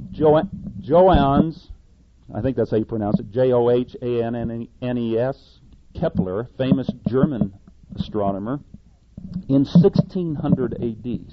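A man's voice: medium pitch, lo-fi sound. A man preaching a sermon in a folksy, conversational way, often stumbling over words and correcting himself.

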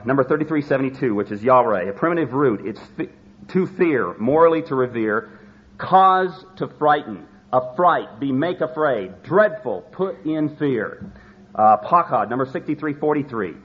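A man preaching a sermon, stressing key words and slowing down to drive his points home. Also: mid-range voice. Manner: emphatic, slows down to stress words. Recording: slightly dull lo-fi recording with faint noise.

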